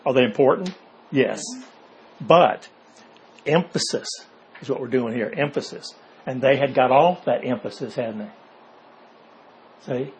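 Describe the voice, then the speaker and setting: A man leading an informal Bible study, reading verses aloud and explaining them in plain words. He keeps checking in with his listeners through quick rhetorical questions. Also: mid-range voice, a little mellow, muffled recording, slight background noise. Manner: asks rhetorical questions, checks in with "okay?" and "see?". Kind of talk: informal Bible class teaching.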